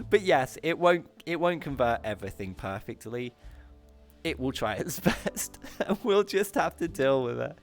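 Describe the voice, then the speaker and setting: A man's voice: on the high side, sing-song, measured pace, soft background music. A British man hosting a VR talk show livestream, greeting his chat affectionately, giggling often and poking fun at himself. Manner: bubbly and affectionate, giggly, self-mocking.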